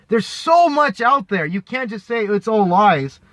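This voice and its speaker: A man's voice: sits high, expressive, measured pace, hardly any pauses, a bit bright, no room sound. A man ranting angrily to camera, swearing, repeating himself and mocking the people he argues with. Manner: heated, profane, repetitive, mocking. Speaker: vlogger. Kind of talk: angry ranting monologue.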